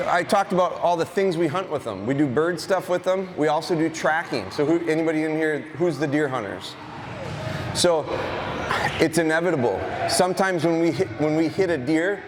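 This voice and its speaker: A man's voice: a little high, slight background noise. Man explaining dog training in a gym. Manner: conversational, explaining while giving short dog commands. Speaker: dog trainer giving a demonstration. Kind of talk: live training demonstration to students. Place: high school gym.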